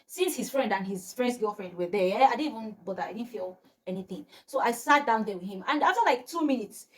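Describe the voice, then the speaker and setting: A young woman, telling a personal story to camera in a casual, animated way and acting out the dialogue. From Nigeria. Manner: animated, acts out quotes with rising pitch, laughs between lines. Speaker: storytime vlogger.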